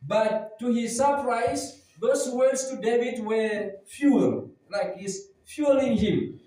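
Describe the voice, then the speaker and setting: A man's voice: extremely high pitch, slow pace, mellow. A man preaching a sermon as pastor, retelling a Bible story dramatically. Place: church hall. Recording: very echoey church hall, mic at a distance.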